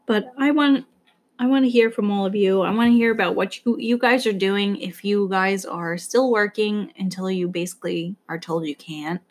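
A woman's voice: mid-range voice, normal speed. A young woman from the New York area, co-hosting a podcast in casual chat, rambling anxiously and swearing now and then. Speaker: podcast co-host.

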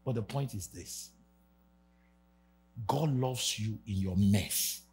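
A Nigerian man in his forties preaching a sermon, swinging from shouted rallying calls to low quiet asides. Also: slow, soft background music. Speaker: pastor. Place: church hall with congregation.

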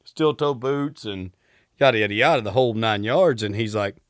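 Man, 30s, Southern accent, relaxed, polite, storytelling guest, dry close sound. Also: on the low side, moderate pace, dry recording. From Texas. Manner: drawling, easygoing, polite. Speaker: podcast guest. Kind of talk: casual storytelling.

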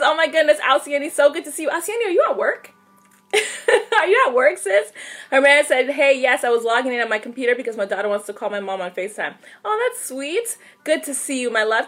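Bright, high-voiced woman leading a Bible study. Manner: upbeat, greets viewers by name, laughs easily. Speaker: host of a live online Bible study. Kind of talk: casual livestream devotional with prayer and scripture reading.

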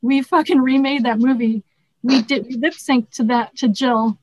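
A woman's voice: high-pitched, fairly even intonation, normal speed, darkish tone, dry recording, rough recording. Frank, laughing woman, dry sound. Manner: frank, laughing, swears casually. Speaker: guest. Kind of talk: casual podcast chat.

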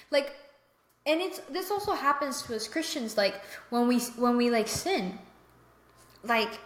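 A woman's voice: fairly high pitch, a bit bright. A young adult woman hosting a faith-based mental health podcast, talking emphatically and earnestly and often checking in with the listener. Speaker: podcast host. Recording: echoey room.

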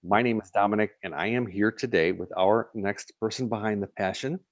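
A man's voice: lowish voice, fairly quick, no room sound, highs cut off. A man hosting a live online interview show, upbeat and chatty, often restarting his sentences. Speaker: host. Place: in Chicago.

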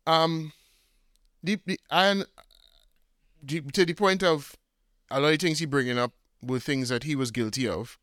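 A man's voice: a little high, unhurried, pauses often, fairly bright tone, dry recording, studio quality. Man hosting a casual podcast. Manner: steers the topic, lots of short agreeing "mm" and "yeah". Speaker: podcast host. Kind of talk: casual chat.

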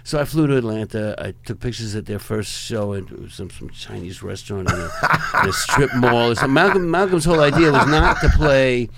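A man's voice: medium pitch, normal speed, vocal fry, hardly any pauses, crowd noise. An older man, a rock photographer, telling long, rambling stories as a guest in a conversation and chuckling between them. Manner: rambling, chuckling, acts out other people's lines. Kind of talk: anecdotal storytelling in a conversation.

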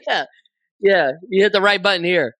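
A man's voice: high voice, moderate pace, a bit bright, no room sound. A man co-hosting a podcast, musing and rambling in casual chat. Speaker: podcast co-host.

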